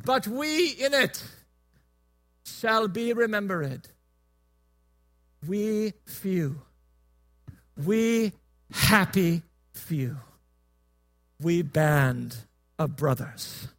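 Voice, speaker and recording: A man reciting Shakespeare as a warrior king rallying his troops, declamatory and building to shouts. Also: sits high, animated, very slow, pauses often, pitched below the performer's own voice, heavily acted. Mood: stirring. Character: rousing warrior king, English, addressing troops.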